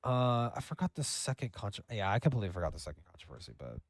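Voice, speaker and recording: A streamer hosts a livestream, chatting casually in a lowish voice with big pitch swings and a quick pace. He rambles, swears, and fills his talk with lots of fillers. The sound is clean studio audio with no room sound.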